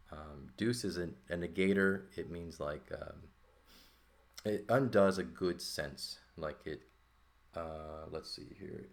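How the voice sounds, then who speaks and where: Speaking in a low, creaky voice, a Greek teacher goes over a textbook lesson in a loose, think-aloud manner. He peppers the informal walkthrough with fillers and keeps asking "right?"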